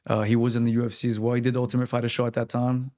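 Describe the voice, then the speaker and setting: A man's voice: mid-range voice, little pitch movement, racing, a little mellow, highs cut off. A man, an interview guest who fights, telling his story in casual chat with many fillers. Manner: rambling, lots of "like" fillers.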